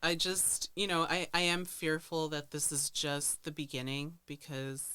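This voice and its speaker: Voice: medium pitch, level tone, a little slow, background noise. A podcast co-host speaking earnestly in casual chat, with hesitant restarts.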